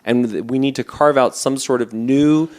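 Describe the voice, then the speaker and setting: A man's voice: medium pitch, normal speed, a little mellow. A man hosting a casual podcast, pressing his point with repeated "the point is" and frequent laughs. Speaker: podcast host.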